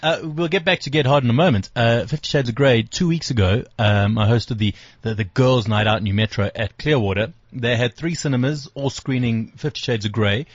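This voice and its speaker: Man, radio host, halting speech full of ums, muffled dry studio sound. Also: medium pitch, dry recording. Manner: hesitant, many ums and restarts, disapproving. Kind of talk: casual chat.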